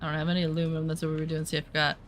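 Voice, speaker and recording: A woman's voice: low voice, monotone, rapid-fire. A young adult woman streaming and telling a story in casual chat, sarcastic and profane, over faint music. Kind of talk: casual chat while gaming.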